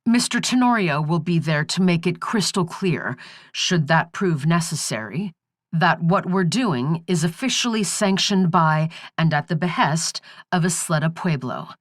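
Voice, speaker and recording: A woman voicing a determined female archaeologist who speaks in a crisp, businesslike way. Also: fairly low pitch, animated, measured pace, no room sound, studio quality.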